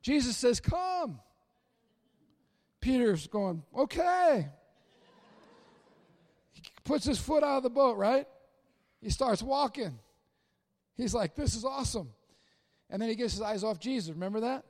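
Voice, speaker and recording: A man preaching with a very high voice, lively and theatrical. He acts out scenes and bursts into shouts at his peaks. The sound rings with the long echo of a big hall. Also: moderate pace. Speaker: pastor. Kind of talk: sermon.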